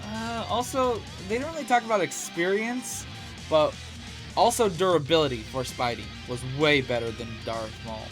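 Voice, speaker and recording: A man's voice: a little high, moderate pace, music in the background. A man hosting a reaction video, chatting casually and rambling with lots of fillers and the odd swear word. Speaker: reaction channel host.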